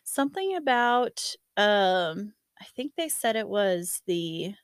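A woman's voice: mid-range voice, very animated, takes it slowly, smooth, no room sound, clean studio sound. A young woman telling a long personal story in casual chat, laughing often and acting out what others said. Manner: laughing storyteller, lots of fillers, acts out quotes.

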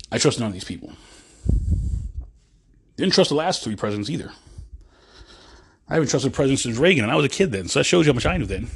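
A man's voice: medium pitch, slightly rough. A man in his forties hosting a podcast, talking in a casual, rambling monologue while pacing, often breaking off mid-phrase. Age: 40s. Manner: chatty, rambling, self-interrupting, addresses listeners as folks. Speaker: podcast host.

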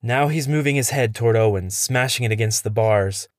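A man telling a first-person horror story in a steady, tense narration. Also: mid-range voice, a little fast, dry recording, studio quality.

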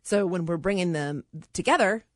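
A woman's voice: lowish voice, lively intonation, normal speed, no echo. A woman co-hosting a radio show, chatting about sports in a thoughtful, explaining way in a studio. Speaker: radio co-host. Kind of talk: casual sports chat.

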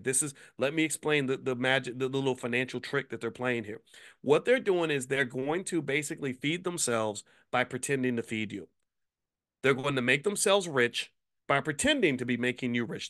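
A man's voice: mid-range voice, a bit bright. A man hosting a commentary video who fires off angry rhetorical questions and curses freely. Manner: promotional plugging. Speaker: host, finance commentator.

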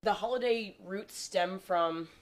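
A young woman chats on a podcast about a holiday's history, and she laughs easily. She fills her talk with "like", at an everyday pitch. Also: slow. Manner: chatty, laughs often, many "like" fillers. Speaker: podcast co-host. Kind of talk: casual chat.

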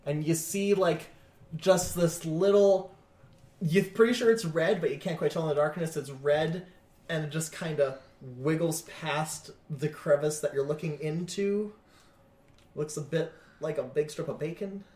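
A man's voice: fairly high pitch, unhurried, a little mellow. A man running a tabletop game as game master, narrating in a laid-back way with chuckles and sound effects. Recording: echoey room.

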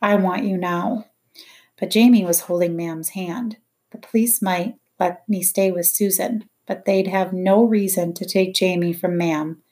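A woman's voice: fairly low pitch, steady tone, warm tone. Woman narrating an audiobook. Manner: measured first-person storytelling. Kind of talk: scripted narration.

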